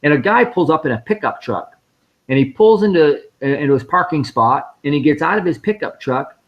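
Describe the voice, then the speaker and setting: A man's voice: fairly high pitch, expressive, normal speed, lo-fi sound. A man, a guest speaker at a fundraising live stream, telling a personal story in a conversational way and quoting the people in it. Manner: conversational, vivid retelling with quoted dialogue.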